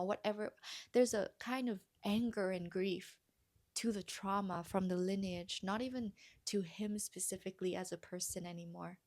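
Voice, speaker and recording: A woman coach speaking earnestly and gently to her viewers, often dropping to a soft near-whisper. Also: medium pitch. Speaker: vlogger and healing coach. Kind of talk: heartfelt personal talk to camera.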